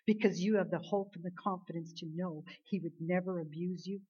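A woman with a low, husky voice preaching a sermon. She retells the scripture in an earnest, emphatic way and presses her listeners with rhetorical questions. The recording sounds dull and lo-fi. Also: steady tone, fairly quick, warm tone. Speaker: Bible teacher.

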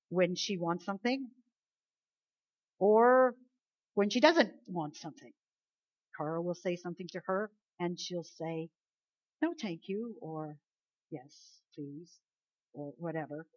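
A middle-aged woman preaching a sermon, swinging from soft asides to loud, emphatic commands. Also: lowish voice, takes it slowly, long pauses. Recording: dull lo-fi recording.

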